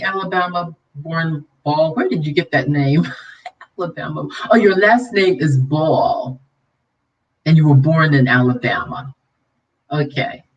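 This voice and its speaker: Her voice sits low and lacks high frequencies, and being a little distant from the microphone, she sounds somewhat far off. This vlog host delivers casual livestream commentary, scolding and preaching earnestly, then chatting and laughing with her audience.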